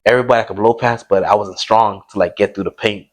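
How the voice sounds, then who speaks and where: A man's voice: on the low side, fairly even intonation, fast talker. A young man telling a sports story in casual chat, laid-back, full of fillers. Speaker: podcast host.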